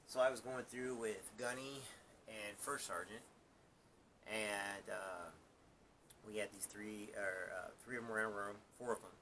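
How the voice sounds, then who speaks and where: Male live-stream host, ex-Marine sergeant, rambling and laughing, somewhat low pitch. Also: fairly even intonation, measured pace, sharp tone, a little hiss or hum. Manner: rambling, laughs at his own story, repeats words. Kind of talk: casual storytelling on a live stream.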